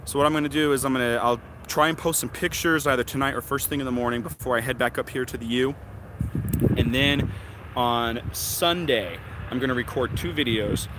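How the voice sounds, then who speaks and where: A man's voice: mid-range voice, brisk. A man chatting casually on a live stream from outdoors, telling rambling stories as a vlogger and basketball referee. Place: outdoors, windy. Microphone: phone on a mobile connection. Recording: choppy phone stream with loud wind and traffic. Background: wind and passing traffic.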